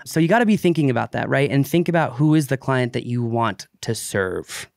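A man hosting a podcast, talking in a casual, animated and opinionated way and laughing often. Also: medium pitch, fairly quick, creaky, dry recording, studio quality. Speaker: podcast host.

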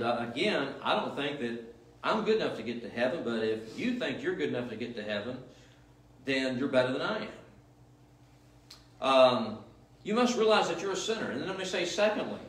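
A male pastor preaching a sermon in an emphatic, repetitive style full of rhetorical questions, heard in a church. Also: mid-range voice. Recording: echoey room, mic at a distance.

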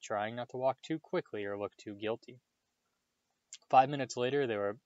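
A man reading a novel aloud in a steady storytelling manner, giving the characters voices. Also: mid-range voice, no room sound, dull audio. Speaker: reader.

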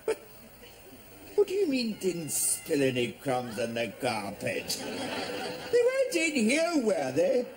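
A man's voice: fairly high pitch, huge pitch swings, takes it slowly, long pauses, a crowd in the background, background noise, full character voice. An actor playing an exasperated older man who splutters and repeats himself in disbelief, in a sitcom. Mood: incredulous. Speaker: burgled neighbour. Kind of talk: sitcom acting.

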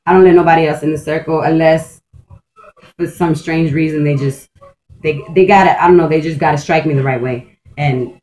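A woman with a low, darkish voice talks briskly and fairly evenly on a rough recording. She's vlogging in a loose, rambling monologue, swearing freely, restarting sentences and saying "like" a lot. Her manner is blunt, profane, streetwise, intense and emphatic.

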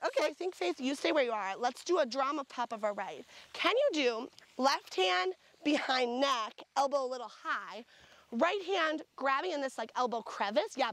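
Bubbly high-voiced woman directing poses. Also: fairly bright tone, dry recording. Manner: bubbly, enthusiastic, gushing praise. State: sucking on a throat lozenge. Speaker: photographer's posing director. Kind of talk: directing a photo shoot on location.

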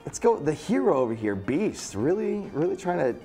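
A man's voice: on the high side, sing-song, normal speed, mellow, faint music behind. A man running a tabletop game as game master, narrating in a playful, rambling way. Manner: playful, filler-heavy narration. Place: studio.

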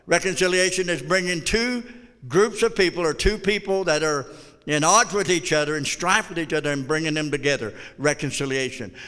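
High bright pastor guy preaching, blunt and folksy, church hall echo. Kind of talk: sermon. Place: church sanctuary.

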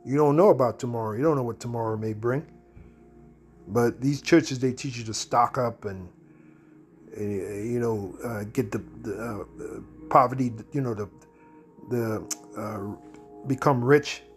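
A man delivers a blunt, slangy preaching commentary at a middle pitch. He slows down to read scripture verses aloud. Soft music plays quietly behind him. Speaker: Bible teacher.

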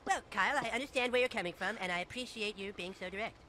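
Smug cartoon schemer boy voiced by an actor, fast and lively, noise in the background. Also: mid-range voice, natural voice. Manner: smug and condescending. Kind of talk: TV cartoon acting.

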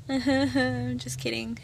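A woman's voice: fairly high pitch, flat delivery, extremely slow, creaky, a little hiss or hum. A young woman chatting casually in a vlog, bubbly and full of filler words, stuffy from allergies. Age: young adult. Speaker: vlogger. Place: car and home, phone vlogging.

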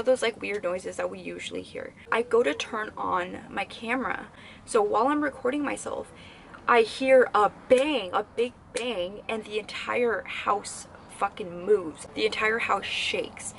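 A young woman vlogger casually telling stories to the camera, animated and swearing freely. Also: mid-range voice, vocal fry, slight background noise. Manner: animated, swears freely while recounting scary events.

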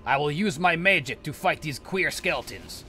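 A man's voice: fairly high pitch, lively intonation, normal speed, bright, forceful tone, pitched above the performer's own voice. A man playing a haughty sorcerer mentor. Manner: grandiose, haughty, formal speech. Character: pompous male sorcerer mentor, scornful of apprentices. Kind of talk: in-character gaming role-play.

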